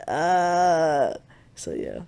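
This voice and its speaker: A woman's voice: sits low, wildly swooping pitch, drawn-out words, warm tone, clean tone. A woman in her twenties with a Southern US accent, co-hosting a podcast in frank, profane casual chat full of "like". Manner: frank and profane, heavy use of "like". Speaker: podcast co-host.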